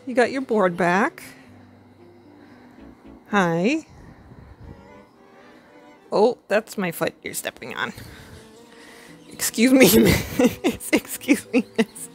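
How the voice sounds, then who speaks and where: Playful woman cooing at her pet. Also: lowish voice. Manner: coos and scolds her pet playfully, laughs often. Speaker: vlogger. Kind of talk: casual vlog, talking to her pet.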